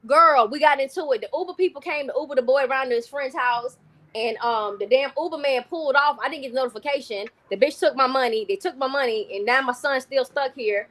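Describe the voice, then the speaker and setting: A woman hosting a livestream chats in a blunt, casual way and swears without a second thought. Her voice is high and her words come quickly. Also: a bit bright. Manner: fast, blunt, swears freely. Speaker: livestream host.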